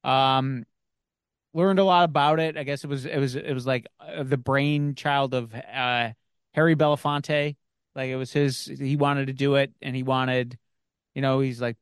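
A man's voice: medium pitch, flat delivery, moderate pace, smooth, dry recording. Man, podcast host, casual chat, rambling, lots of fillers, dry close mic. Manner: rambling storytelling with many fillers and restarts.

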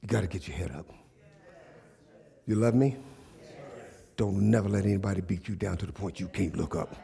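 A man's voice: sits low, normal speed, creaky. A male preacher giving a sermon, speaking. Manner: call-and-response preaching, rising to loud animated storytelling.

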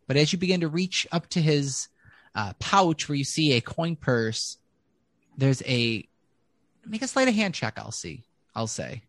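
Game master, man, casual halting narration, dry close sound. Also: a little high, sing-song, fairly bright tone, dry recording.

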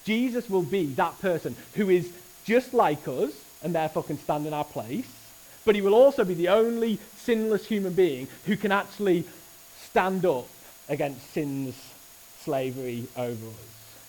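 Earnest, animated preacher man, slightly high. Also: moderate pace, poor audio. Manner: earnest, animated, with frequent restarts. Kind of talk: sermon. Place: church service.

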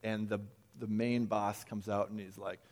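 A man's voice: lowish voice, normal speed. A man preaching a casual sermon, talking conversationally and acting out quoted voices with frequent restarts. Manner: conversational, animated quoting with repeated restarts. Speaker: pastor.

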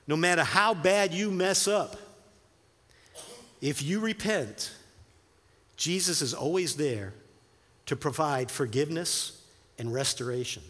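A man's voice: fairly high pitch, takes it slowly, long pauses. Male pastor preaching in a reverberant hall. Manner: conversational, animated storytelling with filler words and restarts. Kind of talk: sermon.

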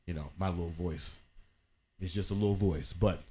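A man hosting a casual live-stream chat, animated and dramatic, laughing often. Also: low-pitched, normal speed, slight background noise. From Dayton, Ohio family. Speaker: host.

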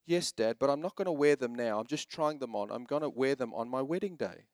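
A man's voice: medium pitch, expressive, fairly quick, darkish tone, no room sound, clean studio sound, voice pushed down, close to an everyday voice. A man voicing his little three-year-old daughter, earnest and begging, within a sermon story. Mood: matter-of-fact. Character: pleading little girl of three.

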